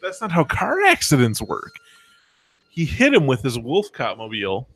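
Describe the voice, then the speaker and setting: A man's voice: medium pitch, wildly swooping pitch, normal speed, fairly bright tone, breathy edge. A man guest on a podcast, joking in playful banter. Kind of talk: casual chat.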